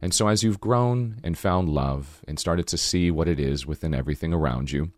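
A man hosting a podcast, giving a slow, earnest spiritual monologue in a low, sultry morning voice. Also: no room sound. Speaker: podcast host.

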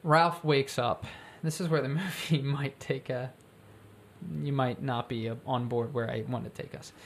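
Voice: medium pitch, moderate pace. Co-host type, loose and rambling, mid-range voice, acts out quotes while brainstorming. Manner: rambling, animated storytelling with acted-out quotes. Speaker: co-host pitching a story. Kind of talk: casual brainstorming chat.

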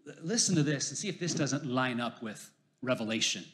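A man preaching a sermon, animated, swinging from loud emphasis to hushed lines and telling jokey stories. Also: medium pitch, a little fast. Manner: jokey storyteller. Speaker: pastor.

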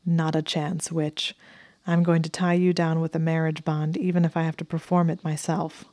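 A woman voicing a smug but devoted young male wizard, speaking his lines dryly and earnestly in her own low voice. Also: level tone, moderate pace, warm tone, dry recording, studio quality.

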